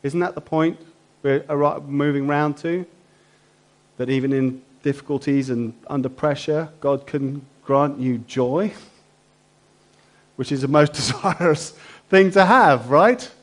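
A man preaching a sermon. His voice sits a little high for a man, and he keeps turning to the congregation with rhetorical questions. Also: measured pace. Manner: asks the listeners many rhetorical questions.

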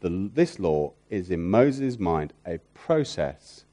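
A man preaching a sermon who repeats key phrases for emphasis, asks rhetorical questions, and moves between loud emphatic peaks and hushed, soft lines. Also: low-pitched, very animated, slow pace.

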